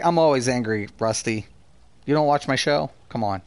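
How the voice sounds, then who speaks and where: A man's voice: medium pitch, moderate pace, dry recording. A man hosting a live gaming stream, ranting heatedly and profanely while answering his chat. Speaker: gaming streamer and channel host.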